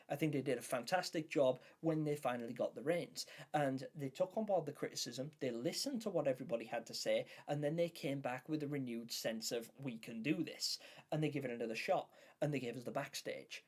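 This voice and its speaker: A man's voice: fairly high pitch, a little mellow. A man hosting a live stream, chatting casually and enthusiastically while answering viewers in the chat. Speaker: livestream host.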